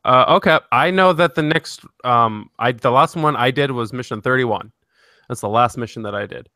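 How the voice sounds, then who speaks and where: A man's voice: medium pitch, moderate pace, sharp tone, no echo, studio quality. A man hosting a casual gaming podcast, laughing often between his words. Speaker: podcast host.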